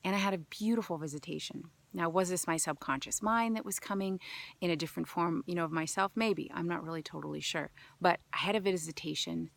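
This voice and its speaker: A woman hosting a self-help vlog, telling a story in a casual monologue that swings from hushed asides to loud emphasis. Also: on the low side, brisk, gravelly. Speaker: healer and vlog host.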